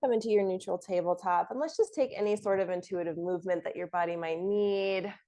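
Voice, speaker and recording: Calm woman guiding a yoga class. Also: mid-range voice, brisk. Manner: calm, encouraging cues with soft laughs. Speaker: yoga instructor. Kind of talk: guided yoga class instruction.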